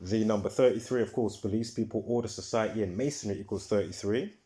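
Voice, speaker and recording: Talking fast in a warm, fairly low voice, a man runs his own video with a loose monologue that wanders. He repeats things, restarts frequently, packs in fillers, and curses once he's worked up.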